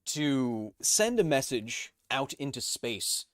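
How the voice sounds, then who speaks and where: Hosting a casual live stream, this thirty-something man jokes around, reading chat messages aloud with quick asides in between. He has a mid-range, very animated voice, though coughing fits keep interrupting him. The sound is clean studio audio with no echo.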